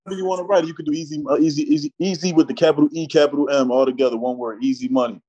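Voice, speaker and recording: Man, 20s, laid-back, fast talker, repeats words, muffled lo-fi sound. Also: a little high, fairly even intonation, mellow. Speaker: guest, football player. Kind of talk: casual chat.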